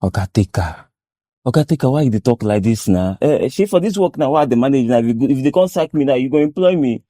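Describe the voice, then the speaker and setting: A man's voice: mid-range voice, expressive, fast, dark tone, no room sound, lightly acted. An actor playing an anxious gateman who pleads in rambling Nigerian Pidgin, with a Nigerian accent. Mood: pleading. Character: anxious male gateman pleading to keep his job.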